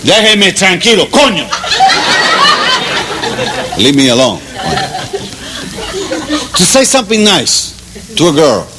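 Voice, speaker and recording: A man from Cuba with a Cuban accent gives a playful, mock Spanish lesson, chuckling and drilling slow repetitions. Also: high-pitched, sing-song, crowd noise. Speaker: teacher. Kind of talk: comic mock language lesson. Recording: loud background noise.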